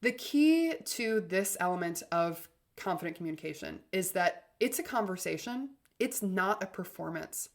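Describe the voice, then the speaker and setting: Energetic woman podcast host coaching. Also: on the low side, moderate pace, hardly any pauses. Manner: energetic and emphatic, with frequent restarts and swings in loudness. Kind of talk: self-help podcast talk.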